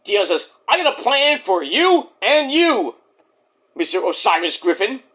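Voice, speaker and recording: A man's voice: high-pitched, very animated, a bit bright. Profane, rambling man in his forties. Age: 40s. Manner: profane, rambling, mimics wrestlers in quick voices. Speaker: wrestling show reviewer. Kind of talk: casual rambling review.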